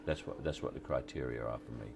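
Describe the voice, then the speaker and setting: A man, giving relaxed, halting interview answers on location at a film set, with many restarts and wry chuckles. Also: rumbling low, vocal fry, noisy background. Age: 60s. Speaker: actor interviewee.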